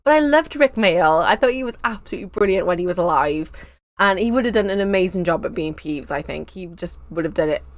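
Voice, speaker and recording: A woman in her thirties hosting a casual live stream, chatty, excitable and a little nervous, drifting onto tangents. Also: lowish voice, a little fast. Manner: nervous, giggly.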